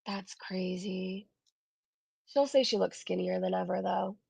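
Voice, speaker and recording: A woman's voice: mid-range voice, fairly quick, vocal fry, a little mellow, husky, dry recording. A woman hosting a casual reaction commentary, sarcastic and blunt, who swears freely and laughs through her remarks. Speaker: reaction channel host.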